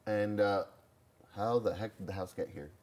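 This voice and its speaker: A man's voice: fairly low pitch, fairly even intonation, normal speed, darkish tone. A man playing in a casual tabletop role-playing session, asking the game master questions. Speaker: player.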